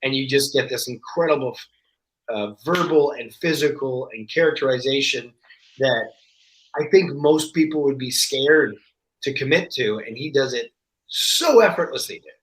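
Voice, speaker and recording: A man talking as a podcast guest in casual chat, telling stories in an animated way and acting out the voices of the people in them. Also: mid-range voice, moderate pace, a little hiss or hum. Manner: animated storyteller, acts out quoted voices. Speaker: guest actor. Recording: roomy echo.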